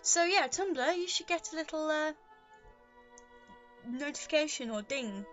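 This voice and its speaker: At home with a pet on her lap, a vlogger rambles chattily to the camera, dropping self-deprecating asides. Her voice sits high and is expressive, a little slow, and the highs are cut off. Quiet choir music plays behind her.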